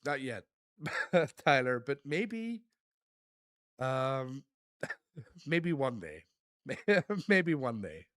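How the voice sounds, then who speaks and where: A man's voice: medium pitch, no room sound, studio quality. Casual man chatting with his viewers. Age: adult. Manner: reads chat aloud, laughs often, thanks viewers. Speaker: streamer. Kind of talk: casual live-stream chat.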